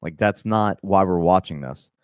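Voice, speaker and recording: A young man with a Southern accent talks casually about fighting news, in loose, profane bursts full of restarts and asides. His voice sits low, and the recording is dry and close. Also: normal speed, clean tone, no room sound. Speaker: MMA podcast host. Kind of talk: casual commentary.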